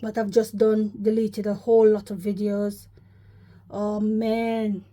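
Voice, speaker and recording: A woman's voice: mid-range voice, level tone, takes it slowly, mellow. A woman giving rambling religious commentary to her viewers, often calling them brothers and sisters. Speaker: religious vlogger. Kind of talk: casual spoken religious commentary.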